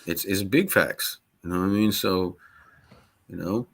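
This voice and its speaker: A man's voice: deep voice, unhurried, gravelly, a bit bright, breathy edge. A man co-hosting a casual sports podcast, talking loosely and profanely in rambling asides. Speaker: podcast co-host.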